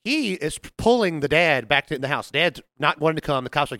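A man with a drawl tells a neighborhood story at a rapid clip, his pitch swinging widely as he acts out what everyone said. He sits a little high for a man's voice. The sound is dry and close. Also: no room sound. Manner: animated storyteller, acts out quotes, laughs often. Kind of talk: casual storytelling chat.

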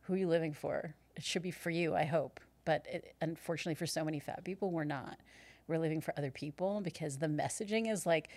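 Earnest lower-voiced woman, yoga teacher. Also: quick pace, dry recording. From Canada. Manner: earnest, animated, laughs often. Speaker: yoga instructor, guest. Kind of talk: casual podcast interview.

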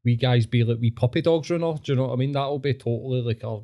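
A man's voice: mid-range voice, fast talker, mellow. A Scottish man chatting bluntly and swearing often as co-host of a casual podcast.

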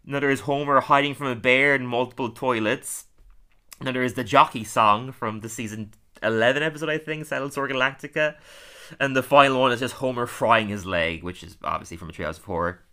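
A man's voice: medium pitch, pushed and bright, clear, resonant tone. A man hosting a podcast, casually recapping a cartoon episode, laughing often and acting out quotes. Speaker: podcast host.

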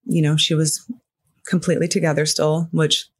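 A middle-aged woman talking as a podcast guest, in a halting way full of "you know" fillers. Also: deep voice, level tone, breathy edge. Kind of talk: conversational interview.

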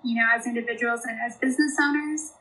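A woman's voice: on the high side, fairly even intonation, fast, pushed and bright, slight background noise, rough recording. A young American woman with a slight Australian tinge, talking earnestly as a consultant guest on a podcast, often saying "you know" and "um". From United States. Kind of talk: podcast interview.

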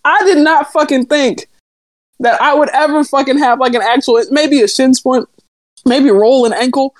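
A young woman co-hosting a podcast, talking in casual, profane, animated banter and laughing a lot. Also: high voice, moderate pace, no echo. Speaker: podcast co-host.

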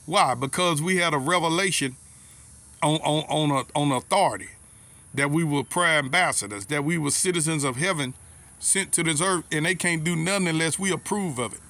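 A man's voice: on the high side, moderate pace, sharp tone. A man preaching an informal sermon to brothers and sisters, telling personal stories in a folksy way with dialect grammar and repeated words. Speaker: lay preacher.

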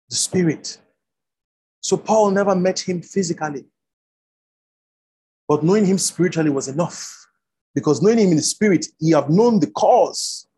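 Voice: medium pitch, dark tone, breathy edge, rough recording. A preacher giving an online Bible teaching over a video call, repeating key words for emphasis.

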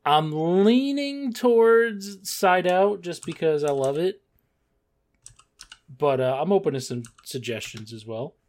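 A man co-hosting a casual movie podcast, animated and laughing, swearing casually. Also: a little high, slow. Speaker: podcast co-host.

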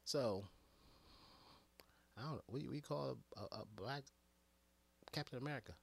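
A man who works as an EMT, ranting casually and profanely about a movie, swinging between hushed asides and loud outbursts. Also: medium pitch, moderate pace, gravelly, husky. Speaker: EMT giving movie reactions. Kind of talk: casual rant to camera.

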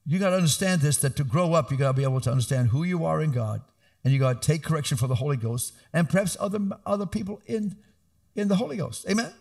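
A middle-aged male pastor preaching an animated sermon with emphatic calls to the congregation. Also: on the high side, fast, vocal fry.

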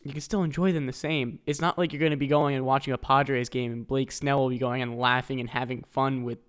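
Hesitant podcast co-host, smooth voice. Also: mid-range voice, little pitch movement, fairly quick. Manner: hesitant, lots of restarts and "like". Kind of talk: casual sports chat.

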